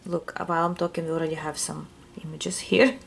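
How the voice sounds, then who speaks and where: A woman's voice: deep voice, steady tone, fairly quick, creaky, a little hiss or hum. A woman with a non-native English accent gives a casual tarot reading, musing aloud and searching for words. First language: not English. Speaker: tarot reader.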